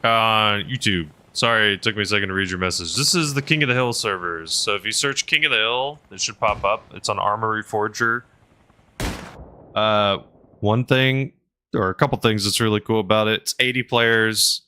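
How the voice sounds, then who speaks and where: Low voiced guy streaming a game, rambly, says like a lot, super crisp bright tone. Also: normal speed. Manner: rambling, filler-heavy, reads chat aloud. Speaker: game streamer and helicopter pilot. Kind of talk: casual livestream chat while playing.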